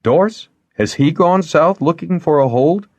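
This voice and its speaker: A man's voice: on the low side, lively intonation, normal speed, dry recording, voice pushed up, lightly acted. A man reading aloud and voicing a keen, earnest young lord who presses his questions.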